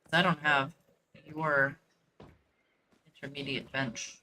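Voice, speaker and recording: A woman's voice: deep voice, fairly even intonation, moderate pace, noisy background. A woman who works as a dog trainer, chatting casually and thinking aloud while she plays a game, with lots of "like" and "you know" fillers. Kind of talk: casual chat while gaming.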